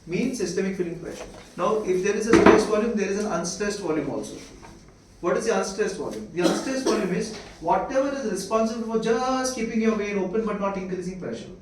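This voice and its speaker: A man with an Indian English accent lectures a class in a high, animated voice, repeating key points and firing off quick questions to check the students are following. The mic sits far away in an echoey room, and there's a little hiss or hum.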